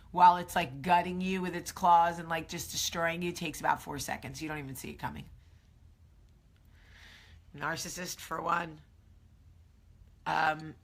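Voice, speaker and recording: Slow-talking bright-voiced woman host. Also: on the low side. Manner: chatty and emphatic, many fillers and asides. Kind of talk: casual morning vlog chat.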